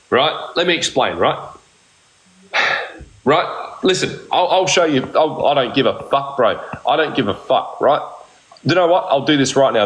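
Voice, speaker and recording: A man's voice: mid-range voice, fairly bright tone, reverberant, poor audio. A man ranting on a live stream, combative and swearing constantly. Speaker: livestream streamer. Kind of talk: heated live-stream argument.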